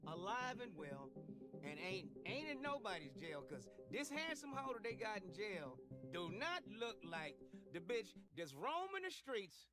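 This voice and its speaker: Man, live reaction host, profane, joking, lively pitch, fairly high voice. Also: unhurried, over music. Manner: animated, profane, jokey asides. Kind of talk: casual reaction commentary.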